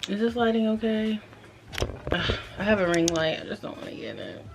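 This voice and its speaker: A young woman chats straight into a camera she has propped up at home, talking in a loose, scattered way and apologizing often. Her voice sits at an ordinary middle pitch. A steady hiss of noise runs under the recording. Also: normal speed, creaky. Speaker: vlogger. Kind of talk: casual talk to camera. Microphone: camera propped up nearby.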